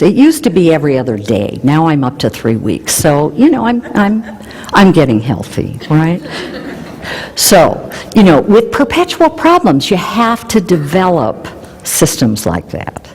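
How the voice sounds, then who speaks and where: A woman explaining relationship research in an animated way, mixing in playful personal anecdotes. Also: sits low, measured pace, breathy edge, long reverb tail. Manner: animated, warm storytelling with playful emphasis.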